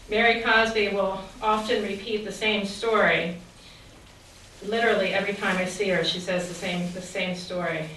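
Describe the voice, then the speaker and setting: A woman's voice: mid-range voice, a bit bright, a little hiss or hum. A woman giving an earnest, reflective faith talk in a sermon style, often posing rhetorical questions. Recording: very echoey, distant mic with faint ambience.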